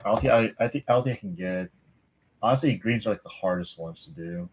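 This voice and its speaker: A man thinking aloud while studying, halting and mumbling as he works something out. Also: fairly low pitch, slightly rough. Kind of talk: casual chat while studying.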